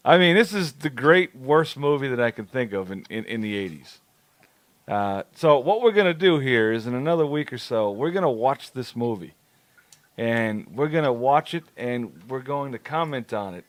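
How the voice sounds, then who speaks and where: A man co-hosting a podcast, rambling through casual chat, cursing freely and laughing along the way. His voice sits at a middling pitch, and the recording is dry and close. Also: lively intonation, moderate pace, dry recording. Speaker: podcast co-host.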